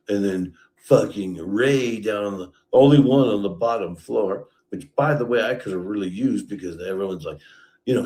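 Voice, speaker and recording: A man's voice: on the low side, darkish tone. A man in an angry, bitter rant, accusing and swearing at someone he knows. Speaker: streamer.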